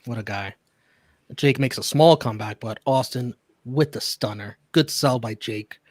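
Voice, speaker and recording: A man's voice: mid-range voice, measured pace, no echo. A man hosting a casual podcast, recapping matches and laughing often. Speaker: podcast host reviewing wrestling.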